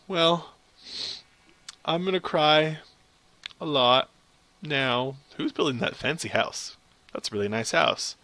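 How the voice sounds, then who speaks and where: Man, gaming commentator, unhurried, chatty, self-mocking, close and dry. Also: mid-range voice, no room sound. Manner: chatty, excitable, laughs at himself. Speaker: gaming video creator. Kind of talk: casual gameplay commentary.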